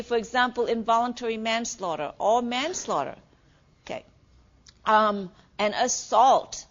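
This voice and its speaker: A woman's voice: medium pitch, highs cut off. A middle-aged woman giving a classroom lecture as a nursing instructor, talking conversationally, asking the class questions and saying "okay" often.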